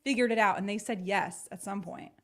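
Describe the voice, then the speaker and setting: A woman's voice: medium pitch, fairly quick. A woman hosting a casual livestream interview over a video call, talking in a chatty, enthusiastic way with many fillers. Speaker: host.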